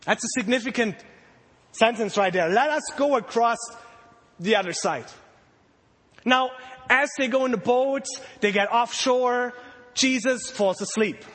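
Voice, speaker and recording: A man preaching in a high, light voice that carries a long reverb through a large hall. He tells the story with animated energy and slips into the voices of panicked disciples. It sounds like a sermon to children and a congregation.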